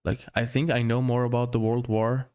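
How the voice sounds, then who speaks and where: A man in an easygoing podcast chat at an ordinary middle pitch. He rambles through his thoughts, restarting sentences, and drops into a lower voice to quote film lines. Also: level tone, normal speed, a little mellow, smooth. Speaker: podcast co-host. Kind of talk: casual chat.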